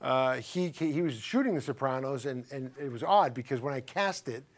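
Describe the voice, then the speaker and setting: A man's voice: medium pitch, moderate pace. A middle-aged man from Somerville, a guest actor telling stories on a casual talk show. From Somerville, Massachusetts. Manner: animated storyteller, mimics voices in anecdotes.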